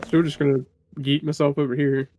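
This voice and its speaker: A man's voice: fairly high pitch, little pitch movement, fast, darkish tone. A man playing a tabletop game, talking through his rolls in a matter-of-fact, casual way. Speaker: player.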